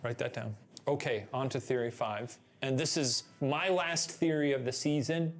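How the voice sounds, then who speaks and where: A man co-hosting a show, narrating a story to his co-host in a playful, animated way. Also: mid-range voice, moderate pace, faint music behind. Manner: animated and playful, with sudden exclamations. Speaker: co-host presenting a theory.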